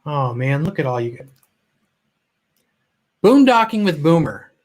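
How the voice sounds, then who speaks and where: A man with a slightly high voice hosts a casual livestream and greets his viewers by name. He rambles and trails off mid-sentence, a little choked up and fond of his audience. It sounds like he is talking into a computer mic. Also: very animated, unhurried, a little mellow. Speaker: livestream host. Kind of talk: casual live-stream chat greeting viewers.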